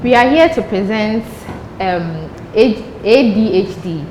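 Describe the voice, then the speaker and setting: A woman's voice: medium pitch, expressive, slow, darkish tone. A young woman presenting as a student on stage, with an earnest, recited delivery. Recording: echoey hall with background noise.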